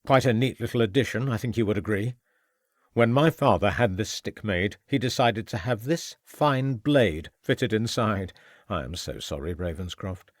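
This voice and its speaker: A man voicing a scheming, murderous gentleman villain in an audiobook, speaking in a low, sneering, menacing way. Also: moderate pace, no echo, studio quality, close to an everyday voice. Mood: gloating. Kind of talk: audiobook character voice.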